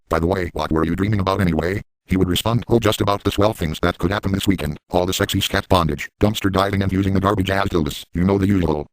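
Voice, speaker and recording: Man voicing a crude manic grown man, deadpan and gleeful, fast talker, dry close sound. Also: on the low side, dry recording, natural voice, low-quality recording. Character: crude, manic adult man boasting about outrageous deeds. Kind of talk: crude first-person parody narration.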